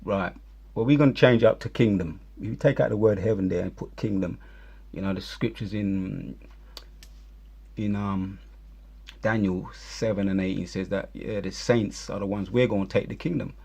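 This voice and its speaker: A man's voice: on the low side, steady tone, moderate pace, creaky, a little mellow, breathy edge. A man giving heated, rambling religious commentary, scolding and preachy.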